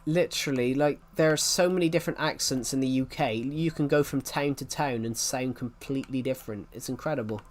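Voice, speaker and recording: A man's voice: medium pitch, a little fast, few pauses, a little hiss or hum. Rambling young man, English-Welsh accent. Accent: mixed English and Welsh. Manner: rambling, restarts sentences, chats with viewers. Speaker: livestreamer reading chat. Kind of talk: casual live-stream chat.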